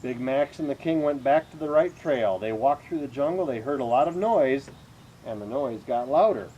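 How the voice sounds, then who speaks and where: A man reading a children's picture book aloud in an expressive, animated way. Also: mid-range voice, normal speed, muffled recording, slight background noise. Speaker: reader.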